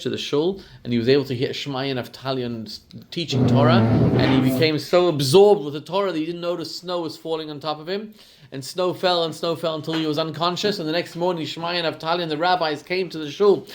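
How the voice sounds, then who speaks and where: A man, a rabbi giving a storytelling sermon who acts out the quotes with lively rises in pitch and volume.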